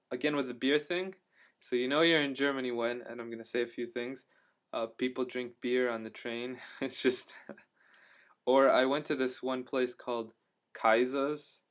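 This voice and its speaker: A young man talking casually in a travel vlog, rambling and hesitant with many fillers and restarts. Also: mid-range voice. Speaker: travel vlogger.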